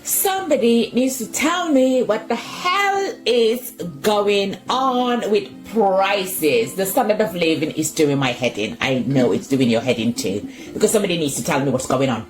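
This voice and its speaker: A woman's voice: medium pitch, expressive, measured pace, few pauses, soft background music. A woman ranting in a social media vlog, exasperated and exclaiming, close to tears. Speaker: shopper.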